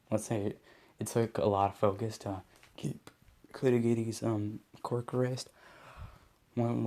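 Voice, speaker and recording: A man's voice: fairly low pitch, mellow, slight background noise. A man improvising a fan story aloud, rambling with many restarts.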